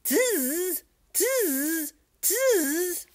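An older woman voicing a group of cheeky monkeys with a squeaky, high chant. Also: very animated, drawn-out words, slight background noise, heavily acted. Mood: teasing. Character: cheeky mimicking tree monkeys.

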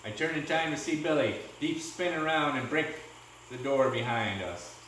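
A man's voice: mid-range voice, normal speed, far from the mic, a little hiss or hum. Man reading a storybook aloud in an echoey room. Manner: steady, with small restarts.

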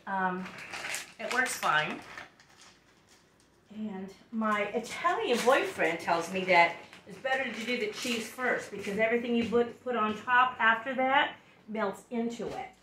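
A woman's voice: fairly high pitch, fairly bright tone. A woman hosting a casual home cooking video, chatty and laughing often, talking straight to her viewers. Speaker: home cooking show host. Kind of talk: casual cooking demo chat. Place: home kitchen. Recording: echoey kitchen with faint noise.

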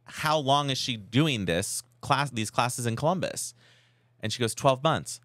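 A podcast co-host tells a story in a loose, chatty way. His pitch swings up and down as he acts out quoted texts and reactions. His voice sits close to the mic in a dry room. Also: animated, measured pace, a bit bright, dry recording. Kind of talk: casual chat.

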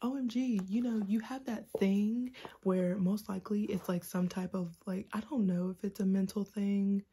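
A sleep-deprived woman in a book vlog, talking fast and giddy in a half-whisper, with a mix of Southern and Californian American accent. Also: medium pitch, fairly even intonation, mellow, breathy edge. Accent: mixed Southern and Californian American. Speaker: book vlogger. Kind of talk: excited early-morning book chat.

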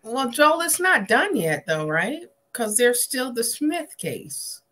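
A woman from New Jersey, a guest on a podcast, talking casually and a bit haltingly. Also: on the high side, very animated, bright, forceful tone. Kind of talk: casual chat.

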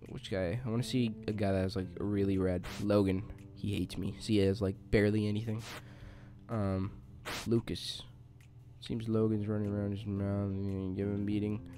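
A young man giving casual let's play commentary, chatting along and yelping in panic whenever his character is attacked. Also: on the low side. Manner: excitable, yelps and shrieks when attacked. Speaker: gaming YouTuber.

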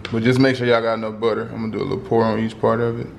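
A man's voice: fairly low pitch, flat delivery, racing, vocal fry, a little hiss or hum. Chatty young man cooking at home. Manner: chatty, talks straight to viewers. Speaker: cooking vlogger. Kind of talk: casual chat to camera. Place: home kitchen.

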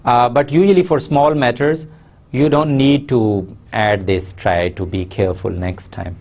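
A man with a Pakistani accent giving a recorded university lecture, measured and explanatory, stressing key words. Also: mid-range voice, fairly even intonation, a little mellow.

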